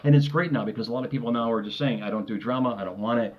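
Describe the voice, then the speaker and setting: A man's voice: mid-range voice, very fast, lo-fi sound. A man giving an early-morning motivational talk from his desk, upbeat and rambling, laughing often and repeating himself. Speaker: motivational coach. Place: home desk.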